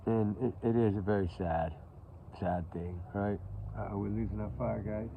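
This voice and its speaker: A Texan man hosting a casual outdoor livestream, his drawling talk full of restarts and trailing asides. The sound is thin and phone-like. Steady noise hangs behind his voice. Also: on the low side, normal speed. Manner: drawling, rambling, with many restarts. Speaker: channel host talking about missing-person cases. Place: outdoor backyard by a fire pit. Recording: tinny phone-like audio with background noise.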